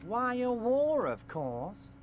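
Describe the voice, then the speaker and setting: An actor playing a jovial, scheming, heavyset male union boss in a video game, speaking in a booming, self-assured, sweeping way. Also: big pitch swings, takes it slowly, exaggerated voice. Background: game music.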